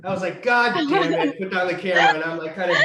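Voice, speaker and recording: A man's voice: sits high, little pitch movement, rapid-fire. A man, a film co-director, telling rambling, wry stories in a casual interview. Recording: roomy echo with faint noise.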